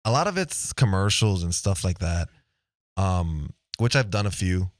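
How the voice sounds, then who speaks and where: A man with a low voice that moves a lot in pitch, hosting a casual podcast conversation. He talks loosely, thinking aloud, checking in with "right?" and letting a swear word slip now and then. The sound is dry and close, from a studio microphone. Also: animated, unhurried, dry recording. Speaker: podcast host. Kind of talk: casual chat.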